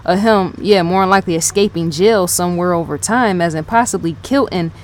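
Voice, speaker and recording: A woman with a somewhat low voice talks off the cuff as a channel host. She rambles and circles back, rereading her own notes aloud. She scatters "yes", "right?" and "in fact" through nearly every sentence. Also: a little fast, slight background noise. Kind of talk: casual unscripted commentary.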